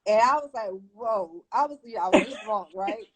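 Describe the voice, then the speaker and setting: A woman interview guest recounting her story in a relaxed, conversational way. She laughs easily and her voice jumps up when she acts out what she was thinking. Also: on the high side, normal speed, heavy background noise. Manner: animated, laughs often, lively quoted asides. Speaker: guest, entrepreneur.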